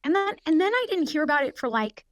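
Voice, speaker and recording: A woman's voice: high-pitched, very animated, fast talker, no echo. A woman in her forties, a guest actress on a podcast, telling stories in a chatty way with many fillers. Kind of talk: casual podcast conversation. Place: podcast studio.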